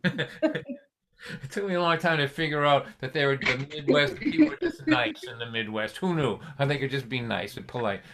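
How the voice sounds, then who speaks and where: A man's voice: on the high side, fairly quick, crowd noise. A middle-aged man from Boston with a Boston accent, telling a comic family story on a live stream, acting out his father's lines. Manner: animated, acts out his father's lines with rising intensity. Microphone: live stream mic.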